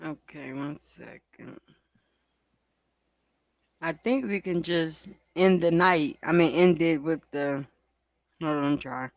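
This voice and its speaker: A woman co-hosting a livestream who reads a court transcript aloud as the questioning lawyer, in a brisk clipped way, and chats casually between readings. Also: low voice, dry recording, lo-fi sound. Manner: questions in a brisk clipped way, each ending with "right?". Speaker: livestream co-host.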